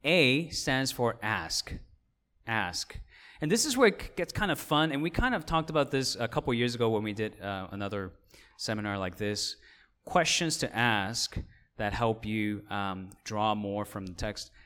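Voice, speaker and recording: A man's voice: on the low side, expressive, moderate pace, fairly bright tone. A man as pastor, giving a conversational seminar talk, often checking in with his audience and correcting himself. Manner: conversational, with frequent fillers and self-corrections. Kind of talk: casual teaching talk.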